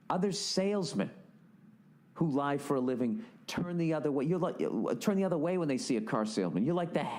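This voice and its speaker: A man hosting his own podcast, launching into an exasperated, swear-laden monologue. His voice sits at an ordinary middle pitch. He lands his points with biting sarcasm and mocking asides. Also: a little mellow. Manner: profane, exasperated ranting. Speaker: podcast host. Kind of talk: solo podcast rant.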